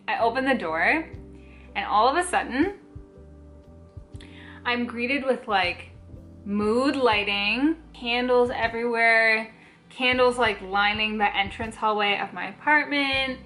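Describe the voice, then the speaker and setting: Young female vlogger, casual storytelling, slightly high and bright, faint music underneath. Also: a little slow. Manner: chatty, animated, many "like" fillers.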